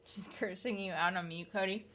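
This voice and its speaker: A woman's voice: medium pitch, fairly even intonation, fairly quick, a bit bright, a little hiss or hum. A young woman streamer talks casually to her viewers. Her voice sits in the middle range and her delivery is loose and teasing. She laughs often and swears freely. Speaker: live streamer.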